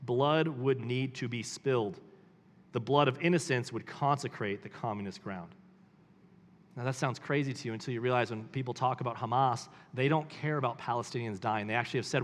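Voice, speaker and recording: A man's voice: medium pitch, brisk, long reverb tail. A man reading a book aloud and commenting on it, with emphatic rising questions between quotes. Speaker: pastor.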